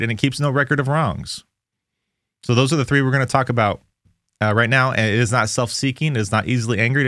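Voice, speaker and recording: A man's voice: mid-range voice, fairly bright tone, no room sound, clean studio sound. A man giving an informal devotional Bible lesson, explaining verses conversationally and correcting himself as he goes. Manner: conversational, restarts and self-corrections while explaining. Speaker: Bible teacher.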